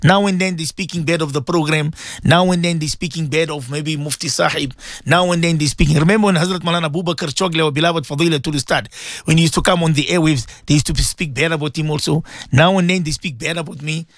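A man's voice: a little high, steady tone, quick pace, fairly bright tone, dry recording, studio quality. A man giving an impassioned radio sermon, repeating himself and calling out to his listeners. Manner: fervent, repetitive, calls out to listeners. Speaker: radio religious teacher.

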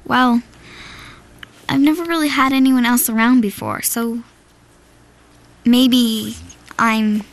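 A woman's voice: a little high, fairly even intonation, slow pace, pauses often. An earnest stubborn teen girl. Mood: tender. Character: stubborn earnest teenage girl, farm daughter. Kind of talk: radio drama acting.

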